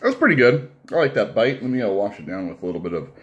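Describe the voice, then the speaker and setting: A man's voice: on the low side, sing-song, rapid-fire, highs cut off. A man who owns a comic shop, giving a casual, rambling, blunt review while he eats.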